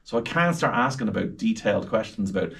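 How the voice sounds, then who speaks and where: A man's voice: on the low side, fast, creaky, distant mic. Chatty Irish man, a bit off-mic. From Ireland. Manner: chatty, animated, acts out quoted voices. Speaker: radio presenter and celebrity interviewer. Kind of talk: casual podcast interview.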